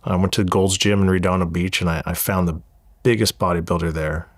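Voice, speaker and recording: A man from Southern California recounts his past as an interview guest, cursing freely and stumbling over repeated words. His voice sits on the low side, heard close and dry with no room sound around it. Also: fairly even intonation, brisk, no room sound. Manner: candid, profane, repeats words as he goes. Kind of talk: storytelling interview.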